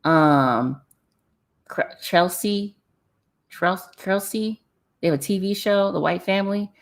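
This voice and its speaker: A woman hosting a casual livestream chat, reading viewer comments aloud. She talks in an animated way, laughs often and repeats herself for effect. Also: mid-range voice, slow pace.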